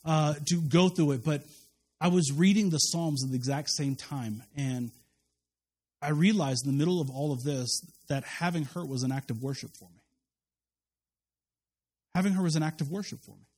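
A man preaching a sermon as a pastor, telling a personal story with lively quoted voices and frequent restarts. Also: on the high side.

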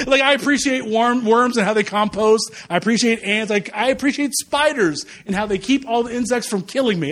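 A man preaching a humorous sermon, telling animated stories with lots of repeated words and stammers. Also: high voice. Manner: jokey and conversational. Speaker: pastor.

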